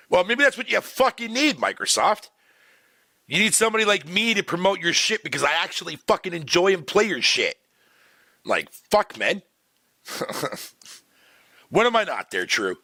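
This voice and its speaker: A man's voice: on the high side, bright, forceful tone, dry recording. A man streaming live, ranting profanely to his chat in a casual, exasperated way. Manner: talks to chat viewers by name.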